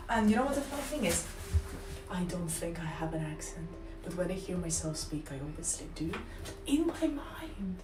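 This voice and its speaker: A woman's voice: medium pitch, background noise. A young woman with a Slavic accent, livestreaming and chatting playfully with viewers. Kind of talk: casual chat with live chat. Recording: roomy sound from a distant mic.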